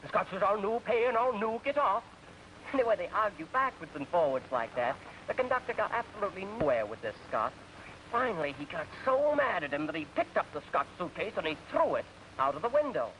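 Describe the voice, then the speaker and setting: Young Englishman, talkative raconteur, higher-pitched voice, old film sound with faint hiss. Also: big pitch swings, fast, a bit bright, low-quality recording. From England. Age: young adult. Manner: chatty storyteller, telling jokes. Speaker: actor playing himself. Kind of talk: 1940s film comedy dialogue.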